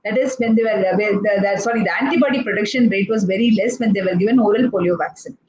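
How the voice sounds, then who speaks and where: A woman's voice: medium pitch, fast, a little mellow. A woman pediatrician from India with an Indian English accent, explaining step by step in a live talk, with many fillers and restarts. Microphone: live online session. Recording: echoey, dull lo-fi sound with faint noise.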